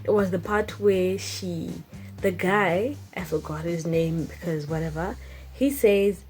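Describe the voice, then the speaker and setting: A woman's voice: on the low side, unhurried, faint music behind, poor audio. A young woman, chatting casually and expressively to camera in a vlog. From Zimbabwe. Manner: animated, expressive, emphatic. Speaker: vlogger.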